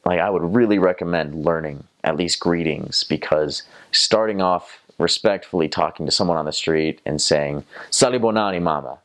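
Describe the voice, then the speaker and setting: Very deep-voiced young man chatting casually. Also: normal speed, hardly any pauses, a bit bright. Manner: rambling, many fillers, imitates foreign words. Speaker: former missionary recounting languages learned. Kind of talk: casual storytelling to camera.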